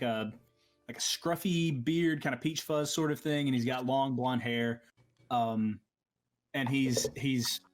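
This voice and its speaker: A man narrating a tabletop game as game master, rambling and hesitant, with many fillers. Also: medium pitch.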